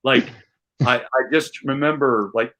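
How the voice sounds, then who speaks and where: A man from Chicago, a comedian, telling a fan memory in casual chat with rising excitement and self-mocking asides. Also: medium pitch, unhurried. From Chicago, USA. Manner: animated, builds tension, self-mocking. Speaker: podcast guest, comedian.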